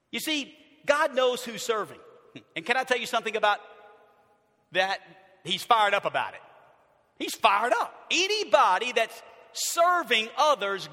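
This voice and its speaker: A man in his fifties preaching a sermon as a pastor, swinging between loud bursts and hushed passages. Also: very high voice. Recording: long reverb of a large hall.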